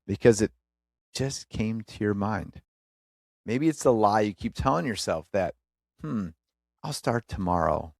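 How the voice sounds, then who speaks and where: Earnest low-voiced man giving a motivational talk. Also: vocal fry, darkish tone, no echo, clean studio sound. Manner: earnest, exhorting, addresses listener as brother; emphatic short phrases with pauses. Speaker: podcast host.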